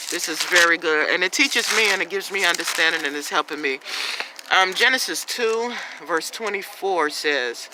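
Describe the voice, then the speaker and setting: A woman's voice: fairly low pitch, sharp tone, a little hiss or hum, low-quality recording. A woman preaching bluntly to the camera, scolding and repeating herself with many ums. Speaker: religious teacher.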